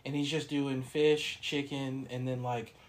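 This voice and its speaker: A man's voice: mid-range voice, flat delivery, measured pace. A young man co-hosting a casual podcast, talking in a loose, rambling way with lots of fillers. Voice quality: laid-back, rambling with many fillers. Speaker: podcast co-host. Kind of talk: casual chat.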